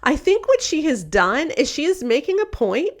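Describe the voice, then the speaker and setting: A woman's voice: high voice, sing-song, moderate pace. A woman hosting a podcast, explaining her point thoughtfully, step by step, in casual conversation. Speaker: podcast host.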